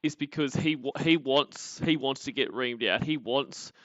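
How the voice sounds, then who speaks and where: A man's voice: mid-range voice, moderate pace, dry recording, dull audio. A man with an Australian accent, co-hosting a casual chat and rambling with lots of fillers and restarts. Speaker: podcast co-host.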